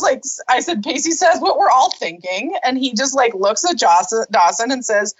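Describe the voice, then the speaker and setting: A woman's voice: sits high, lively intonation, normal speed, hardly any pauses, slightly rough, dull audio. A woman co-hosting a casual podcast chat about a TV episode, laughing often, swearing freely and filling her talk with fillers. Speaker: podcast co-host.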